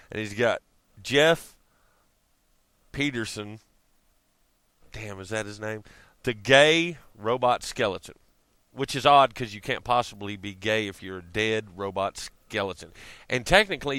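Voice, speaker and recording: A man's voice: fairly low pitch, fairly bright tone, clear, resonant tone, dry recording. A man ranting casually in a vlog, profane and rambling, laughing at his own jokes. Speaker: vlogger.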